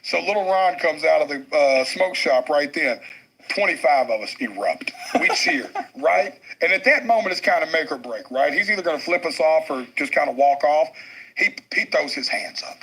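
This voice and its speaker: Husky man telling a wild story. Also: fairly high pitch, moderate pace, low-quality recording. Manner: excitable, laughing often, crude. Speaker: podcast guest telling a story. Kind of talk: animated storytelling.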